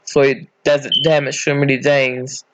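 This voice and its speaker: A man's voice: medium pitch, level tone, unhurried, dry recording. A man casually narrating an improvised fan story, rambling and correcting himself as he goes, on a dull, dry recording.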